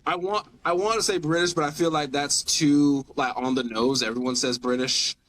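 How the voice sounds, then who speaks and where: A man's voice: a little high, steady tone, moderate pace, fairly bright tone. A young man, a guest on a podcast, chatting casually in an easygoing, playful way and laughing often. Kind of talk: casual chat.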